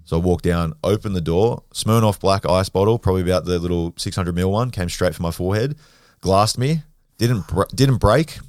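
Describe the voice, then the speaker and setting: An Australian man, a podcast guest, telling stories in a blunt, animated way and swearing freely. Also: sits low, a little fast, clear, resonant tone, no room sound, clean studio sound. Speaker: podcast guest, grappler and former rugby league player. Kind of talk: casual storytelling.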